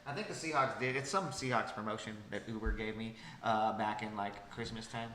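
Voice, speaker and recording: In an echoey, faintly noisy room, a young podcast host from Washington state banters casually, with plenty of swearing and teasing. He talks fairly quickly in a lowish voice that comes across bright and forceful.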